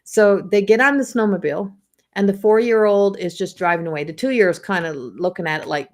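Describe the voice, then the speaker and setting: A woman in her fifties, a psychic medium, talking gently and encouragingly on a live stream and laughing often. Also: mid-range voice, fairly quick. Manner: tells family anecdotes with mimicked voices. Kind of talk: live-stream spiritual talk.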